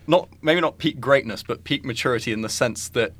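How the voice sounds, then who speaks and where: A podcast co-host with a mid-range, slightly bright male voice speaks fairly quickly during a casual conversation about films, rambling and relying on lots of "like" and "I think" fillers.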